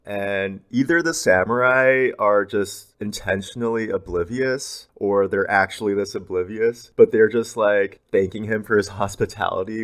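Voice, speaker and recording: Man, podcast co-host, low voice, relaxed retelling, loose phrasing. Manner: relaxed retelling with restarts and fillers. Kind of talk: casual recap of a comic chapter.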